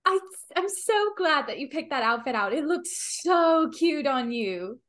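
A woman's voice: a little high, expressive, measured pace. A woman voicing a chatty, upbeat young adventurer in a tabletop game, gushing and friendly. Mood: bubbly.

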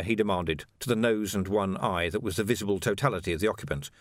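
A man narrating a novel in an expressive, animated storytelling way. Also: on the low side, fast talker, no room sound, studio quality. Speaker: audiobook narrator. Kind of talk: scripted narration.

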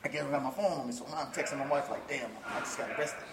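Animated man telling a story, echoey room. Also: fairly high pitch, very fast, distant mic, very noisy. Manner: animated, acts out quoted voices, laughs often, swears freely. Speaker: podcast guest, combat sports fighter. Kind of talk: casual storytelling.

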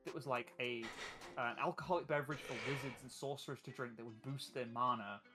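Animated man recounting his tabletop campaign. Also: mid-range voice, fast talker, music in the background. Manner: animated, laughing while recounting game plot. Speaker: podcast guest, game master. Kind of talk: casual storytelling chat.

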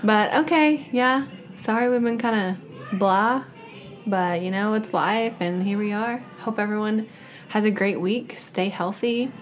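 Teasing, animated woman podcast host. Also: mid-range voice, unhurried. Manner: animated, teasing, laughs often. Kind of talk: casual chat.

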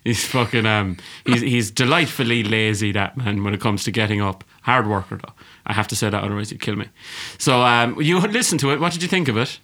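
A man's voice: fairly low pitch, fairly quick, hardly any pauses, sharp tone. A man co-hosting a podcast in casual, joking chat, swearing and laughing often. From Ireland. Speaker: podcast co-host.

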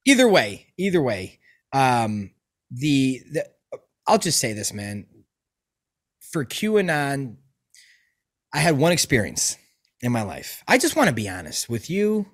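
A man's voice: medium pitch, big pitch swings, unhurried, long pauses. Give me a rambling, swearing male podcast host. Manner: profane, rambling storytelling with many restarts. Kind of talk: casual chat.

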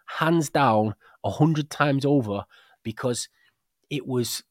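A man, co-hosting a casual podcast and telling animated stories with plenty of swearing and restarts. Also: mid-range voice, takes it slowly, dry recording, clean studio sound. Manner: animated storyteller, swears freely, many restarts. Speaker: podcast co-host.

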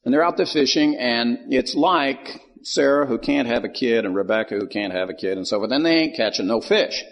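A man's voice: mid-range voice, expressive, normal speed, big-room sound. A man giving folksy Bible teaching and acting out the lines of the people in the story.

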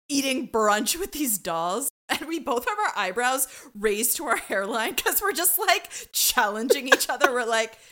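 A woman's voice: a little high, pushed and bright. A woman co-hosting a podcast, chatting casually and playfully acting out little voices. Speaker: podcast co-host. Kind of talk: casual recap chat.

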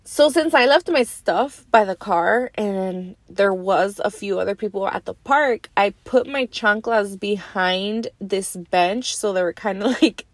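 A young woman vlogger telling a story in a casual, animated way, lots of fillers and swearing. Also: mid-range voice, a little slow, hardly any pauses, no echo.

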